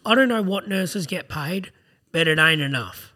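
A man's voice: fairly high pitch, expressive, normal speed, pushed and bright. A man hosting a podcast interview, talking in a blunt, slangy way and swearing casually. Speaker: podcast host.

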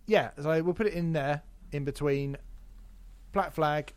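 A man's voice: fairly high pitch, a little slow, clear, resonant tone. A man co-hosting a casual podcast, swearing freely and mocking himself with frequent laughter. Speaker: podcast co-host.

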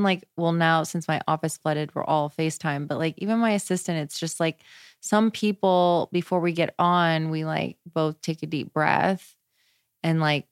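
A young adult woman speaking casually as a podcast guest, chatty and animated, with frequent filler words. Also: low-pitched, clean tone, dry recording, clean studio sound. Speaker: podcast guest, wellness practitioner. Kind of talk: casual conversational interview.

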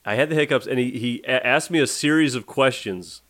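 A man's voice: mid-range voice, a little fast, fairly bright tone. A man co-hosting a casual drinks chat, rambling with frequent restarts and easy laughter. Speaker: podcast co-host.

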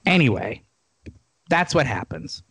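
A man's voice: mid-range voice, very animated, measured pace, fairly bright tone, husky, dry recording. Chatty man recapping a show, dry sound. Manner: rambling, retells scenes with lots of "like". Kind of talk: casual recap of a TV episode.

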